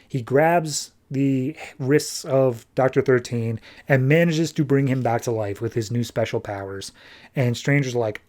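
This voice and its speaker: A man hosting a podcast, casually recapping a comic book and voicing the characters' lines as he goes. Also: mid-range voice. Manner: animated retelling with quick voiced asides for characters. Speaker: podcast host.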